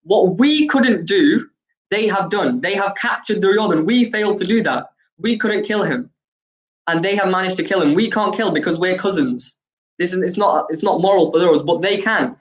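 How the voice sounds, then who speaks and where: A man's voice: a little high, steady tone, a little fast, close to an everyday voice, low-quality recording. A man acting out an indignant, mocking warrior while retelling an epic story. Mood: fuming. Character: furious proud warrior man, scornful.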